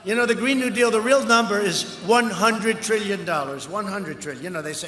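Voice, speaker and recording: An older man giving a campaign rally speech outdoors, boastful and rambling, with punchy repetitions, heard through a loudspeaker. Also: high-pitched, brisk, hardly any pauses. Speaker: political candidate. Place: outdoor rally before a large crowd. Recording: echoey outdoor PA with crowd noise.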